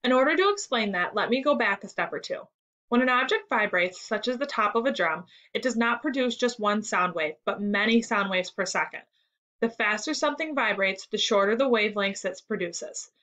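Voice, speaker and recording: A woman reading the lines of a patient adult male musician who explains clearly. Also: medium pitch, expressive, a little fast, sharp tone. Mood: explaining.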